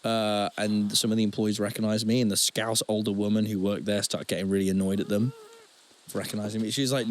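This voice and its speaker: A young man co-hosting a podcast, telling relaxed, enthusiastic anecdotes in casual chat. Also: lowish voice, fast. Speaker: podcast co-host.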